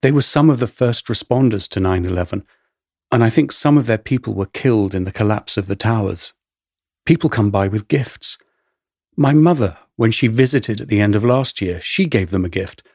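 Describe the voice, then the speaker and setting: Man, English accent, memoir narration, wry, low-pitched, breathy, dead-dry sound. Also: lively intonation, darkish tone, dry recording. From England. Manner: wry, measured storytelling. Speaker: narrator of his own memoir. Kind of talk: first-person memoir narration.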